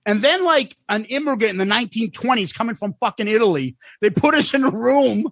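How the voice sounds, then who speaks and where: A man co-hosting a podcast, telling travel stories with plenty of swearing. His voice sits high and swings widely, with a gravelly edge. The sound is dry and close. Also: brisk, no room sound. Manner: animated, profane storytelling. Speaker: podcast co-host. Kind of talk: casual chat.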